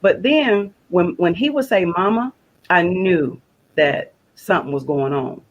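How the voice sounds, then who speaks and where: Her voice is lowish and expressive, and she takes her time as she tells a moving personal story on a faith program. The woman speaks plainly, uses religious wording, acts out conversations as quoted dialogue, and repeats phrases. The audio is poor.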